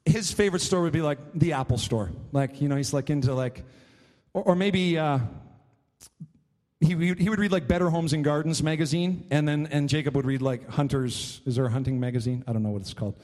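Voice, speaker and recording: A man's voice: on the high side, a little fast, a little mellow, in a large hall. A man preaching a sermon, retelling a story in a loose, rambling way full of fillers. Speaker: pastor.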